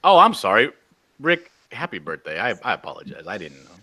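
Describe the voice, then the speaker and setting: A man's voice: mid-range voice, wildly swooping pitch, a little fast, sharp tone. A man who is a guest on a live stream, chatting casually and teasing in a mock-offended way. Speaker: guest artist.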